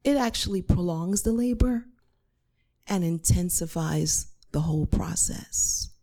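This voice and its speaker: A woman's voice: lowish voice, expressive, measured pace, creaky, dark tone. A woman telling a personal story in a dramatic, emphatic way, with lots of repetition.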